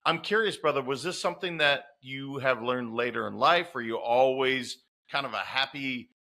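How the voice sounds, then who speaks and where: A man's voice: mid-range voice, moderate pace, bright, forceful tone. A man hosting a podcast who interviews his guest in a casual, enthusiastic way and calls him brother. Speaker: podcast host.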